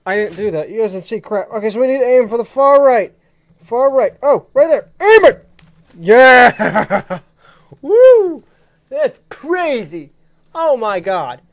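A young man giving excited let's-play commentary, giggly and bursting into shrieks and laughter. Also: very high voice, moderate pace. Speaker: gaming video creator.

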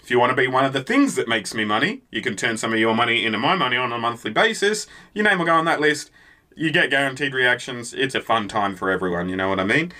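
A man's voice: mid-range voice, expressive, quick pace. Rambling, profane man. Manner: rambling, profane, lots of "like" and "you know what I mean". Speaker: reaction video host. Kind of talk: casual reaction chat. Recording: loud background noise.

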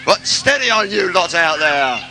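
Cheeky high-voiced compere. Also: male voice, very animated, unhurried, gravelly, background noise. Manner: cheeky joking banter, teasing the crowd, shouting out to them. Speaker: radio presenter hosting an outdoor stage show. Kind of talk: live outside broadcast compering. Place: outdoor stage in a town centre. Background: music playing.

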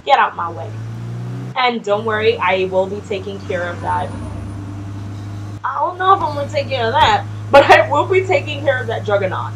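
Woman, streamer, lively pitch, chatty, swearing, laughing, faint hiss on the recording. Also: moderate pace. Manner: chatty, swears a lot, laughs often, talks to game characters; nervous and jumpy in scary moments. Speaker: gameplay streamer. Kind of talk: casual gameplay commentary. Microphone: desk microphone.

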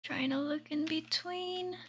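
A woman's voice: high-pitched, steady tone, takes it slowly. A young woman streaming a game live, chatting to herself and often dropping into a whisper. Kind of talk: live gameplay commentary.

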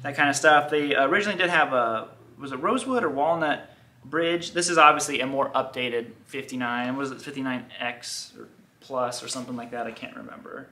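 A man's voice: medium pitch, fairly quick, sharp tone. A man hosting a guitar channel, chatting casually to camera in a rambling, self-deprecating way. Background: electric guitar playing.

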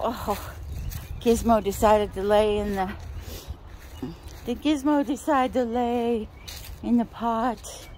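A middle-aged woman talks casually to her phone camera while out with her dogs, her voice sitting a touch high. She is chatty and relaxed, rambling between thoughts. Faint outdoor hiss sits behind her. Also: slow pace, pauses often. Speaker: vlogger. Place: outdoors near a house and woods.

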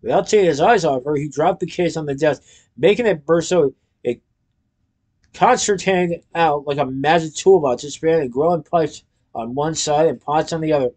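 A man reading a storybook aloud in a lively way, his voice sitting somewhat higher than most men's. He tells the tale briskly and clearly. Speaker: narrator.

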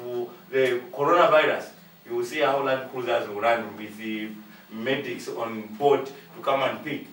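In a mid-range, slightly bright voice, a pastor from Zambia delivers a sermon, using emphatic repetition and acting out short exchanges in different voices. The room is echoey, and he sounds far from the microphone.

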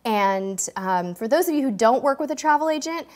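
A woman in her forties, a cruise vlogger, chatting warmly and emotionally to viewers during a live stream, choked up at times. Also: high-pitched, expressive, normal speed. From California, US. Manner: chatty, gushing, talks straight to viewers in the chat.

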